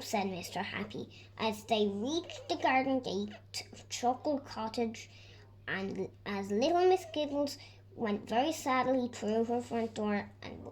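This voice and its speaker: A woman reading a children's picture book aloud in a gentle storytelling manner. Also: mid-range voice. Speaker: storybook reader.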